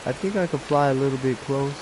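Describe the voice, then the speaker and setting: A man streaming a live game, chatting casually and breaking into nervous, excited exclamations as he plays. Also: mid-range voice, quick pace, background noise. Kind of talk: live gameplay commentary.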